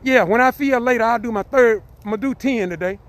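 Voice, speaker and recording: High-pitched preacher man. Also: quick pace. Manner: preachy, repetitive, swells into shouted cries. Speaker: street preacher. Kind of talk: impassioned preaching.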